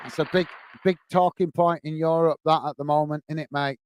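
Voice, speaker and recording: A man hosting a football watch-along, commentating on the match and chatting warmly with viewers in the chat. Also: on the high side, fairly even intonation, a little fast, a faint crowd, a little hiss or hum. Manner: chatty, says "mate" a lot, reads chat messages aloud.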